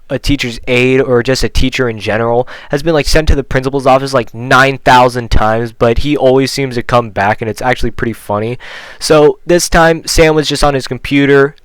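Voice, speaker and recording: A man's voice: mid-range voice, clear, resonant tone, no echo, low-quality recording. Teenage guy, casual storytime rant, rambling and swearing, mid-range voice, dry close sound. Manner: rambling, profane, heavy use of "like". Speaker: vlogger.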